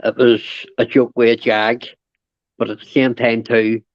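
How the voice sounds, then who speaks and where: A man's voice: mid-range voice, little pitch movement, a little slow, dry recording. A man speaks earnestly and apologetically, repeating himself and swearing now and then. His audio is muffled and dry, with no room sound. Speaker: panel guest. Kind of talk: casual chat.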